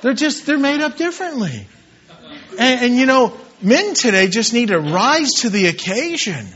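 Male preacher, thirties, sermon delivery, bright tense tone, muffled recording. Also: extremely high pitch, moderate pace. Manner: animated storytelling, acts out scenes with shouts.

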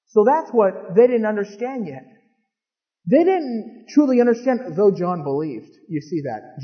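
A pastor preaching a sermon, moving from calm scripture teaching to fervent, emphatic preaching. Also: male voice, high voice. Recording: dull lo-fi recording with long hall reverb.

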